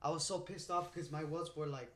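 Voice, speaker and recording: A man in his twenties, co-hosting a podcast in a small room, tells stories with lots of swearing and animated bursts. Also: a little high, fairly quick. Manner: animated storyteller, heavy swearing. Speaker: podcast co-host. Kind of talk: casual chat. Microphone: podcast mic at a table.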